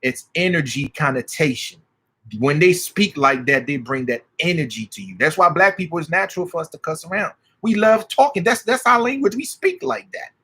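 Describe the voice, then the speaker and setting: A man telling stories as a spiritual practitioner, excitable and swearing freely. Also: a little high, moderate pace, husky. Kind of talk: animated storytelling.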